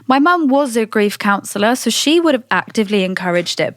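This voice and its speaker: A woman's voice: on the high side, a little fast, few pauses, dry recording. Candid woman with a dry close sound. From Britain. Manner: candid, animated, swears freely. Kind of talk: casual monologue.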